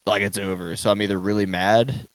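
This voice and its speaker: A man with a low voice talks sports in a relaxed, chatty way, laughing often as he goes. His voice sounds close and dry, with no room sound around it. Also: fairly quick, no echo. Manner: easygoing, laughs often between phrases. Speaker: podcast co-host. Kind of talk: casual sports chat.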